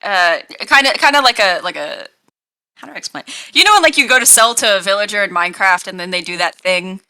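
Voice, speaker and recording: Woman running a tabletop game, lots of ums, bright voice. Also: mid-range voice, expressive, fast, poor audio. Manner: hesitant, filler-heavy narration. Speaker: game master.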